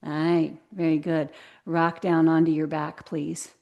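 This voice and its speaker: A woman teaching a live yoga class over a video call, giving slow, gentle cues with soft asides. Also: low voice, little pitch movement, creaky, lo-fi sound.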